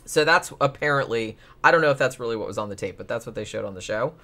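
A man co-hosting a casual podcast, recapping a story in a loose, rambling way. He swears freely and laughs as he goes. His pitch sits in an ordinary middle range. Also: animated, quick pace, sharp tone. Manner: rambling, profane, laughs often. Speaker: podcast co-host recapping a case. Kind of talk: casual chat.

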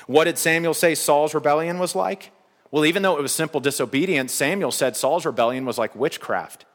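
A man preaching a sermon in a relaxed, conversational, joking way, from a church hall. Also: medium pitch. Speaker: pastor. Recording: long hall reverb.

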